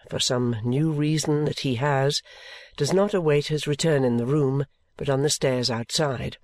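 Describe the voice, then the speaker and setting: A man reads a novel aloud in a measured, even storytelling voice. His pitch sits in a plain middle range. The recording is dry and close, with no room sound. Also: no echo. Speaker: audiobook narrator. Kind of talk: scripted narration.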